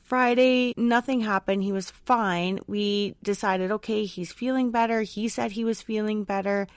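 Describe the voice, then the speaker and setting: A woman's voice: mid-range voice, fairly even intonation, a little slow, clear, resonant tone, no echo, studio quality. A woman podcast host and mother chatting casually through a personal story, rambling with lots of fillers. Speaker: mother of a young child.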